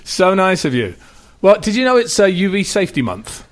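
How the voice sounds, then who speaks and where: Guy hosting a radio show in the studio, talks a bit high, rambles and laughs a lot. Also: very animated, moderate pace. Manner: chatty, laughs often, restarts sentences. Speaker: radio talk show host. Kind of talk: casual studio chat.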